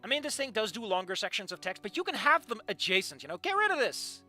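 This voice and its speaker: Bright, ranting male fiction critic. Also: high-pitched, sing-song, fast talker, faint music behind. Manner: ranting, sarcastic, profane. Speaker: fan fiction reader and critic. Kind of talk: casual commentary.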